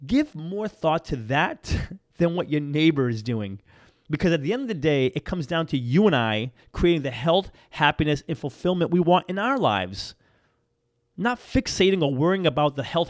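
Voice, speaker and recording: This is a man hosting his own motivational podcast. His voice sits a bit high and swings widely in pitch as he stacks up emphatic, encouraging phrases. The sound is close and dry, with no room around it. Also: dry recording. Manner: earnest, encouraging, emphatic repetition. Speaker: podcast host and coach.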